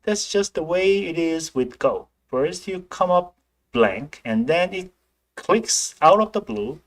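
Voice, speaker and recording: A man voicing a calm Go player who reassures a beginner in a game read-aloud, explaining patiently. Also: fairly high pitch, takes it slowly. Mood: reassuring. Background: background music.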